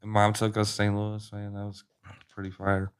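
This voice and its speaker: Animated, clear-voiced male storyteller. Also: lowish voice, moderate pace. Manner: animated storyteller, acts out quotes. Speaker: guest, football coach. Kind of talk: casual conversation.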